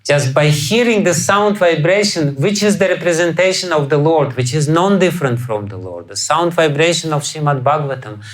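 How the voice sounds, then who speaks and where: A man's voice: fairly high pitch, normal speed, few pauses, poor audio. A man with a Russian accent lecturing on scripture as a spiritual teacher, chuckling often and asking rhetorical questions. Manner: acts out quoted voices with sudden loud outbursts. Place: lecture hall.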